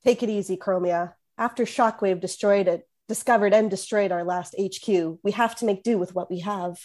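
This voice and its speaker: A woman playing a calm robot squad leader. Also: mid-range voice, normal speed, lightly acted.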